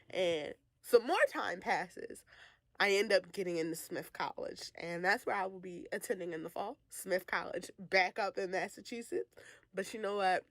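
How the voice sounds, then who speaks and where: A young woman, a student alumna, telling a personal story in a casual, animated way, laughing often and saying "like" a lot. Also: mid-range voice, no echo. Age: young adult.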